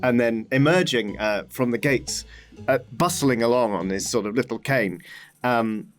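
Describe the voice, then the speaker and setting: A man narrating a tabletop game as game master, describing things in a halting, rambling way. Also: medium pitch, faint music behind.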